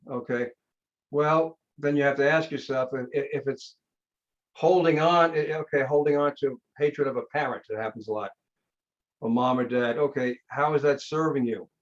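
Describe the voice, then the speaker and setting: Blunt, emphatic man telling a story. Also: mid-range voice. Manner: emphatic, blunt, punchy short phrases. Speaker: hypnotherapist guest. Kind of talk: storytelling in a podcast interview. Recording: slightly dull lo-fi sound.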